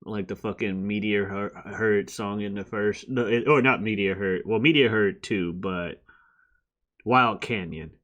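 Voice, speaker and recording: A man's voice: lowish voice, fairly bright tone, lo-fi sound. Playful man joking on a podcast. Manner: playful, quick to joke and break into song. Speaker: podcast co-host. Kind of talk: casual chat.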